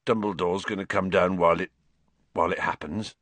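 A man voicing a huge, gentle groundskeeper who is grieving and shaken, halting and subdued. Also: deep voice, steady tone, no echo. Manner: halting and subdued, stumbling over words.

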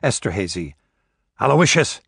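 A man's voice: lowish voice, moderate pace, no echo. Male reader doing a cold captor figure for an audiobook: raised, clipped orders, dry sound. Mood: commanding. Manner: loud commanding calls, clipped orders. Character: ruthless male captor calling across a boat deck.

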